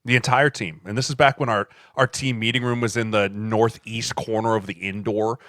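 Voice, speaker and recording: A man's voice: fairly low pitch, steady tone, moderate pace, fairly bright tone, no echo, studio quality. A man co-hosting a podcast, a former offensive lineman ranting in an exasperated way. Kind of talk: casual chat.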